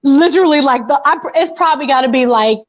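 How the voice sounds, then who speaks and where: A woman co-hosting an online talk show from her office, chatty and quick to exclaim. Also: sits high, muffled recording. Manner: chatty, laughing, exclaims often. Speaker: co-host. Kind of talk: casual podcast chat.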